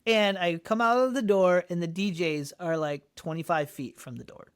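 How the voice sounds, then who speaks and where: Podcast guest, male, higher voice, animated storyteller who acts out quotes. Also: normal speed, clear, resonant tone. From Colorado, United States. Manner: animated, acts out quotes with big pitch jumps. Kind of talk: casual storytelling interview.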